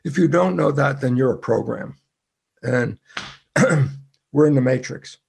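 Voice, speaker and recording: A man's voice: medium pitch, a little slow, gravelly, darkish tone, husky. An older man, a guest biologist and author, telling stories emphatically with rhetorical questions. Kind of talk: animated storytelling in conversation.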